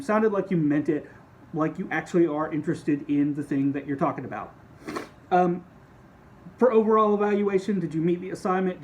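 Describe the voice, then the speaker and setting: A man's voice: on the high side, a little mellow, slight background noise, rough recording. Conversational male speech instructor. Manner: casual, conversational, explains with quick demonstrations. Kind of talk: recorded lecture.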